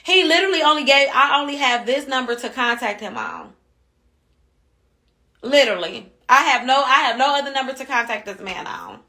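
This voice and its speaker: An upset mother rants on social media with a bright, sharp voice. She cusses, circles back to the same points and stays heated throughout. Her pitch sits high for a woman. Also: animated, moderate pace. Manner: heated, cussing, repeats herself. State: upset and angry. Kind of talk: angry social media rant.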